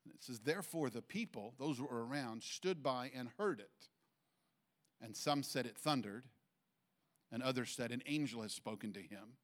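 A man preaching a sermon to a church congregation, halting with fillers and restarts, his voice lifting higher and louder when he presses a point. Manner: rises in pitch and force when making a point. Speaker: pastor.

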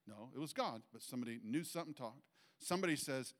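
A pastor preaches a sermon to his church congregation, halting with fillers and restarts. When he presses a point, his voice lifts higher and grows louder and more forceful.

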